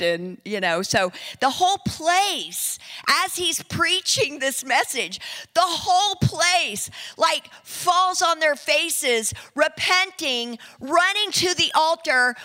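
A woman preaching, telling a story in an animated way and acting out the people in it. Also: sits high, slow pace. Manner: animated, acts out quoted speech. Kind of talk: sermon storytelling. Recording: long reverb in a hall.

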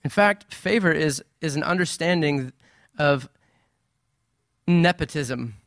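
A man preaching a sermon in a conversational, animated way with playful asides. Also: a little high, takes it slowly, no room sound, clean studio sound. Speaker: pastor.

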